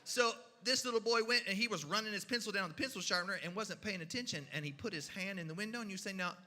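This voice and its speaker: A storyteller spins a funny tale in a folksy, animated way, sprinkling in sound effects and voices. The voice sits high for a man and sounds very bright. It carries through a church hall with a long, ringing echo. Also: fast. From Kentucky mountains. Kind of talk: humorous storytelling. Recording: reverberant hall.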